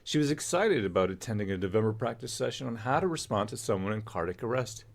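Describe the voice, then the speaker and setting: A man's voice: fairly low pitch, lively intonation, fast, creaky. A man hosting a live stream, chatting casually in a rambling, joking way. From Canada. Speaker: livestream host. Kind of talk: casual livestream chat.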